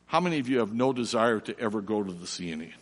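A middle-aged man, preaching a sermon and telling a lively personal story before turning quiet and slow. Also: lowish voice. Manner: animated storyteller, drops to soft and slow for reflection. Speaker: pastor. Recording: long reverb of a large hall.

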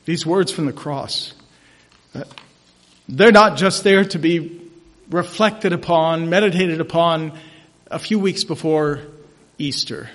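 A man preaching a sermon as pastor, emphatic and rising to loud declarations, in a church sanctuary. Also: on the high side, slow pace, pauses often. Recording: church hall reverb.

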